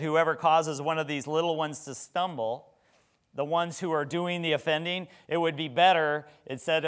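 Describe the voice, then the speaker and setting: A man's voice: on the high side, a bit bright, clear, resonant tone. Conversational man preaching a sermon. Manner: conversational, repeats words and restarts, rhetorical questions. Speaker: pastor.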